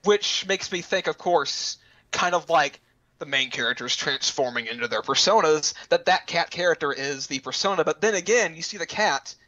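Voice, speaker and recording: A man from Texas hosting a casual gaming roundtable, chatting loosely and breaking into quick silly voice impressions. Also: fairly high pitch, animated, sharp tone. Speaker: host of a gaming roundtable stream. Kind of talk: casual chat. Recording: lo-fi dull sound.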